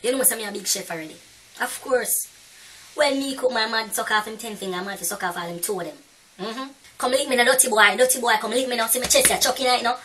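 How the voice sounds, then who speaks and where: A woman playing a brash young Jamaican woman in a comedy sketch, gossiping in loud, sassy patois, recorded from a distance off the mic. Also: a little high, quick pace. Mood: boastful.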